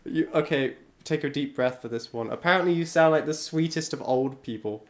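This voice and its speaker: A man's voice: on the high side, a little fast. A young man streaming live, chatting casually with his mother on a call and reading out chat messages with wry, self-deprecating humour.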